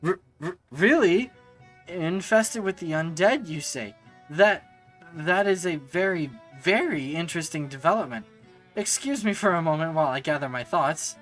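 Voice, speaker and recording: Streamer putting on a snooty scholar lady, stagey and formal, quiet music behind. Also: mid-range voice, lively intonation, moderate pace, natural voice, low-quality recording. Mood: pompous. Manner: theatrical, mock-formal with stammers. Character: haughty woman scholar, fond of the pub. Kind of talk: reading game dialogue aloud in character.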